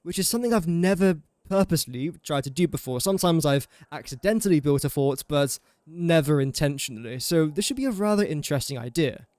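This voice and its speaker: A man's voice: on the high side, animated, a little fast, hardly any pauses, a little mellow, no echo. A young man, chatting casually while live-streaming a building game and talking himself through each step. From England. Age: young adult. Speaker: gaming streamer. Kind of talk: casual live gameplay commentary.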